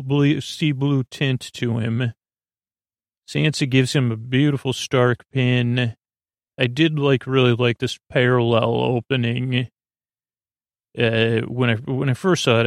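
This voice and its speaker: A man's voice: mid-range voice, creaky, dry recording, clean studio sound. A man hosting a sleep-aid podcast, recapping an episode in a meandering, hesitant way as he thinks aloud. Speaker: podcast host.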